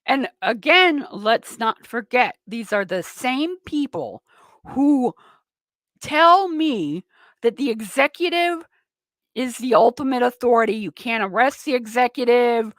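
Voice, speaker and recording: A woman's voice: fairly high pitch, animated, a little slow, no echo. A woman hosting a political talk radio show, ranting with sarcastic indignation.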